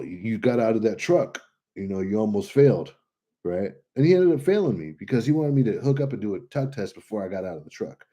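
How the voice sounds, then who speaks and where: A man's voice: medium pitch, breathy edge. A young man from California, chatting casually and bluntly with lots of swearing while telling stories. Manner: blunt, profane, animated storytelling. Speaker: trucker vlogger answering comments. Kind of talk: casual livestream chat.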